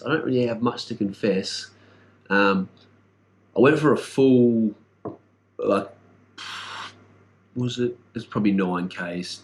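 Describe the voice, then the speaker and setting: A middle-aged man with an Australian accent giving a casual, rambling vlog update, blunt and full of swearing and fillers. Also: fairly low pitch. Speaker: vlogger.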